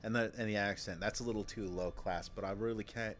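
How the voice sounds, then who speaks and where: A man's voice: on the low side, steady tone, fairly quick, few pauses, a bit bright, slight background noise. A man streaming a game in casual commentary, rambling and joking with many restarts and repeated words.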